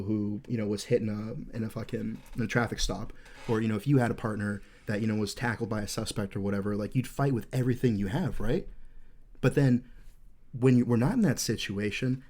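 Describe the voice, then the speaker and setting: A man's voice: medium pitch, darkish tone. Profane, intense man in his thirties. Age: 30s. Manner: profane, swears nearly every sentence; intense, earnest, rambling with fillers. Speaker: podcast host. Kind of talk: casual podcast storytelling.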